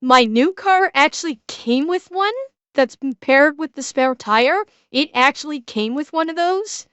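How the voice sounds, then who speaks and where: A Canadian woman streaming herself reacting to a video, chatty and quick to laugh, with lots of restarts and casual swearing. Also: high-pitched, lively intonation, a bit bright, dry recording. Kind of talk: casual live-stream chat.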